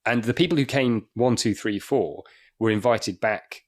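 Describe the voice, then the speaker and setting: A man's voice: on the low side, normal speed. A man in his forties from Wakefield in England, a comedian telling rambling anecdotes in a casual podcast chat, with frequent restarts and chuckles. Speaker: guest comedian.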